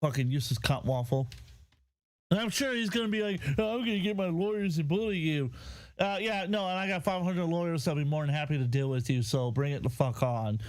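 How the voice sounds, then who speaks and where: A man hosting a live commentary show, ranting in a profane, heated yet deadpan way. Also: on the high side, brisk, no room sound. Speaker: host.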